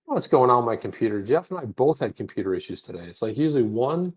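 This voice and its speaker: A man's voice: mid-range voice, very animated, fast talker. A man co-hosting a casual livestream, rambling and joking at his own expense. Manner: rambling, jokey, self-deprecating. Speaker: co-host. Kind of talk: casual crypto livestream chat.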